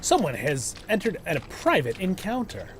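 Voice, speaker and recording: A man's voice: high-pitched, wildly swooping pitch, normal speed, background noise. Chatty, rambling male gaming streamer. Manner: rambling, filler-heavy, laughs often. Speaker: host of a gaming livestream. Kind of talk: casual livestream commentary.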